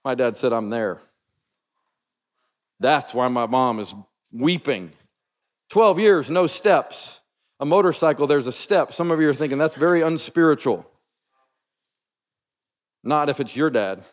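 A man's voice: mid-range voice, lively intonation, moderate pace. A man preaching a sermon, telling a personal story in an earnest, emphatic, conversational way. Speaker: pastor. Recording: long reverb from a large hall.

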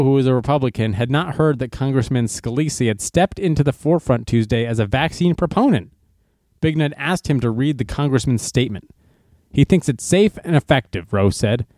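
Man, sarcastic news commentary, very lively pitch, dry close sound. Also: no echo. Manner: sarcastic, animated, shifts into mocking voices. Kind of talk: casual commentary, reading news aloud.

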